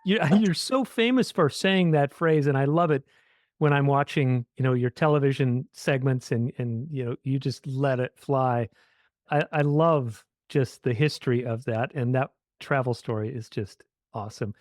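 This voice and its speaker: A man's voice: mid-range voice, moderate pace, a little mellow, dry recording, clean studio sound. A man hosting a podcast interview, asking questions and laughing along with his guest. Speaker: podcast host.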